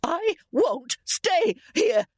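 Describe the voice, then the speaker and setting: A woman's voice: sing-song, moderate pace, dry recording, studio quality. A man voicing a haughty, domineering elderly noblewoman in an audiobook, speaking in a cold, imperious way. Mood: shrill. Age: older. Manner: cold, imperious, rising to shrill shrieks. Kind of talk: audiobook character voice.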